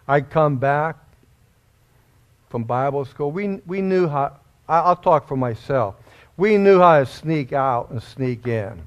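A man preaching a sermon in a church, giving an emotional testimony that rises suddenly into loud, high bursts. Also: normal speed. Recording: dull lo-fi recording.

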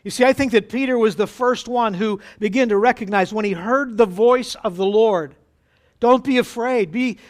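A pastor preaching a sermon to his congregation, with dramatic pauses and acted-out quotes. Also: high voice.

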